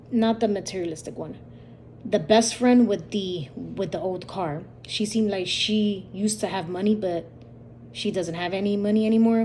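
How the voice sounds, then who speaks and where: A woman with a mellow, warm voice tells a story from a dream in a loose, repetitive way, slipping into the quoted lines of the people in it. Her pitch sits in the middle range. A faint hiss runs under the recording. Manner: rambling, repetitive retelling with quoted dialogue. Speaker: channel host. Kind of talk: casual storytelling about a dream.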